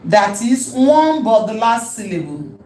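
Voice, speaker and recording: Slow, emphatic woman teaching. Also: on the high side, sing-song, warm tone. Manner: repeats key terms slowly and emphatically. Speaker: Hebrew teacher. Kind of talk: classroom lecture. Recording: echoey room with faint ambience.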